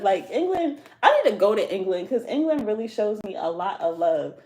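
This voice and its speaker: A woman's voice: medium pitch, big pitch swings, normal speed, few pauses, warm tone. An American woman hosting a casual tarot livestream from home, chatting with viewers in loose slangy talk and laughing often. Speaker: tarot reader livestream host.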